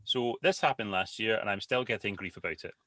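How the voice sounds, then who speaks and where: A man's voice: fairly low pitch, brisk, sharp tone, no room sound. A man co-hosting a podcast, reading a listener's post aloud and stumbling over hard words. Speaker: podcast co-host.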